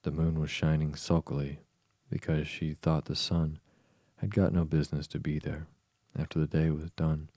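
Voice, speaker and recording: A man reading a classic story aloud in a slow, soothing, measured bedtime voice as podcast host. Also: extremely low pitch, monotone, warm tone, dry recording.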